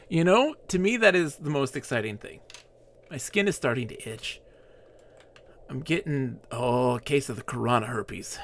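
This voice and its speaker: A man's voice: mid-range voice, lively intonation, normal speed, a little hiss or hum. A man streaming a game live, chatting and joking in character with playful, mock-dramatic rants.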